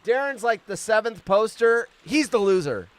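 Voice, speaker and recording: A man's voice: high voice, lively intonation. A man in his fifties hosting a casual live stream from outdoors on vacation, rambling off on tangents and swearing freely. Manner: profane, rambling, quick tangents. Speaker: host.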